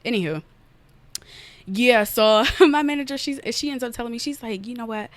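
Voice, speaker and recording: A young woman hosting a casual podcast, retelling a story in an animated, fast way and acting out her own outbursts, recorded on an iPad. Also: fairly high pitch, no echo. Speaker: podcast host. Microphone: iPad on an unsteady stand.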